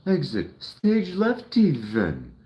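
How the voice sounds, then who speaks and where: A flamboyant, theatrical cartoon lion. He lisps through grand exclamations, high and sweeping, well above a deep natural voice. The lion stays showy and dramatic. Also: wildly swooping pitch, slow, dark tone, full character voice.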